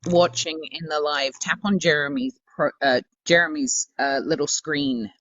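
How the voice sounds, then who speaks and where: Woman, stream co-host, upbeat instructions, lowish voice, dull dry sound. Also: fairly even intonation, normal speed, a bit bright, no room sound. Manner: upbeat, gives viewers instructions. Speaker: co-host on a live painting stream. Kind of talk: casual live-stream chat. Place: her garage.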